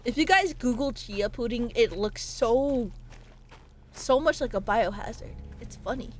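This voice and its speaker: A woman's voice: a little high, expressive, measured pace, slight background noise. A woman streaming a game live, chatting and rambling jokily to her chat as she plays. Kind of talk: live gameplay commentary.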